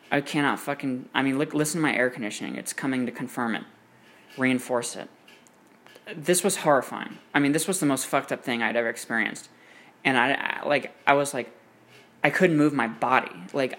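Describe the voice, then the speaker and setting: A man's voice: medium pitch, a bit bright. A young man hosting his own show, telling a personal story in a casual, rambling way, full of fillers and swearing. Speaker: podcast host. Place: room with air conditioning running.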